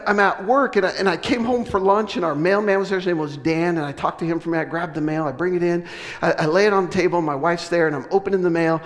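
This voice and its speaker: A middle-aged man from the US West Coast, preaching a sermon and telling a personal story with animated, self-deprecating humor. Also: high-pitched. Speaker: pastor. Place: church sanctuary. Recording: long reverb of a large church hall.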